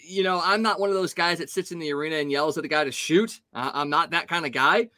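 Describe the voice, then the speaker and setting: A man breaks down hockey games on a casual podcast, talking with animated conviction. His voice sits a bit high and sounds bright. The recording is dry and close. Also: fast, no echo. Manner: animated, opinionated hockey analysis. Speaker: podcast co-host. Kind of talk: casual sports talk.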